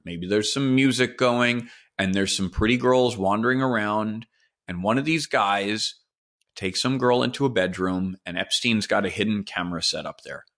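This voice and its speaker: A man's voice: lowish voice, fairly bright tone. A man hosting a podcast, telling a story in a casual, speculative monologue. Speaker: podcast host.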